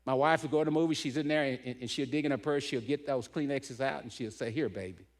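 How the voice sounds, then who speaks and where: A man's voice: medium pitch, fairly even intonation, fast. A middle-aged man giving a heartfelt storytelling talk as a keynote speaker, punctuating points with "right?". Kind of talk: emotional storytelling talk to a men's gathering.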